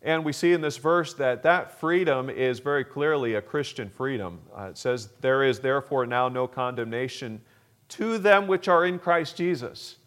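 A man's voice: mid-range voice, moderate pace, a bit bright. A male pastor preaching a sermon, explaining scripture with rising emphasis and frequent uh fillers.

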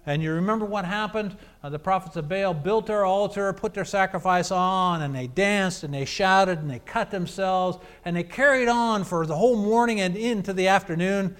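Man, sermon, high voice, conversational storytelling, casual asides. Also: moderate pace, hardly any pauses, a bit bright, smooth. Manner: conversational storytelling preaching with acted quotes. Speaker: preacher.

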